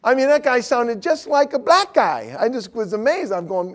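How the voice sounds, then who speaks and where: A man teaching a class on evangelism in a lively way, laughing often and acting out voices. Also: extremely high pitch, normal speed, hardly any pauses. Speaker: evangelism trainer.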